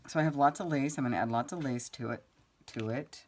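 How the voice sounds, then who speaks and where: A woman's voice: extremely low pitch, brisk, darkish tone. A middle-aged woman chatting casually as she crafts at home, rambling and laughing often. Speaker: craft vlogger. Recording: clear rustling and clicking noise.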